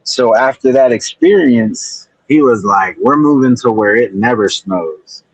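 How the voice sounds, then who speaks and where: A man talks in a slow, unhurried drawl as a livestream panel guest. His voice is husky, and the sound is dry and close. He rambles in a laid-back way. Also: mid-range voice, lively intonation, dry recording, poor audio. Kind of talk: casual chat.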